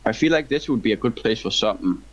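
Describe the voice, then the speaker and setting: A young man from Denmark with a Danish accent, chatting and laughing excitably while playing a co-op game with a friend. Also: on the low side, quick pace, dull audio. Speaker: gamer playing co-op. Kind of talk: casual gaming chat.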